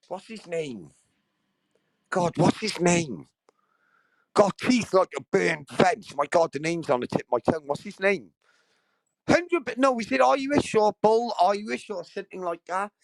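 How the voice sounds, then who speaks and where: A man chatting casually on a livestream from home, crude and mocking, swearing constantly, with sudden loud outbursts. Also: high-pitched, no room sound. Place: at home with dogs nearby.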